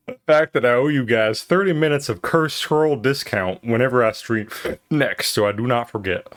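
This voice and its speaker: A man's voice: medium pitch, moderate pace. A man streaming live, chatting casually and poking fun at himself while he reacts to chat.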